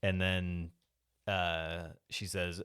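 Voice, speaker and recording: A man's voice: sits low, level tone, extremely slow, fairly bright tone, clear, resonant tone. A man co-hosting a podcast, casually retelling a film scene by scene in a rambling way with frequent profanity. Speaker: podcast co-host. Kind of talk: casual movie recap chat.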